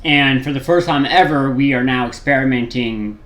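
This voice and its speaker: A man's voice: mid-range voice, normal speed, fairly bright tone. Rambling man in an echoey room. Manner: rambling, with many fillers and restarts. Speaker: reaction video host. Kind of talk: casual reaction commentary. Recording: roomy echo.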